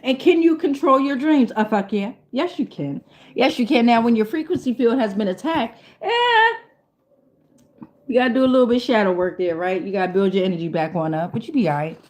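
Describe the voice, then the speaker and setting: A woman's voice: a little high, quick pace, a little mellow. A woman casually reading oracle cards for her viewers, rambling, swearing freely and laughing often. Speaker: tarot reader. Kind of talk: casual tarot reading vlog.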